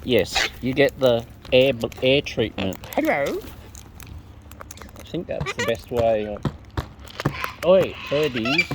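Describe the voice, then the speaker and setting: A woman's voice: very deep voice, lively intonation, slow pace, long pauses. A woman chatting playfully to wild birds in a coaxing, babyish tone while feeding them outdoors, recorded on a hand-held phone. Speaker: bird-feeding vlogger. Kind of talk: casual talk to wild birds. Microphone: phone held close. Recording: outdoor phone recording, loud bird noise.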